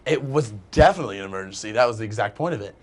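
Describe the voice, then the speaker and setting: A young man telling a long story as a guest in a casual chat, animated and rambling, with "like" in nearly every phrase. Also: on the low side, very fast.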